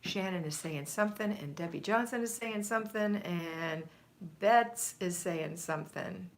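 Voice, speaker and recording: An American woman hosting a home-organizing livestream, chatting casually and greeting viewers by name, a little out of breath. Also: medium pitch. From United States. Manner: chatty, reads viewer comments aloud and greets them by name. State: slightly out of breath.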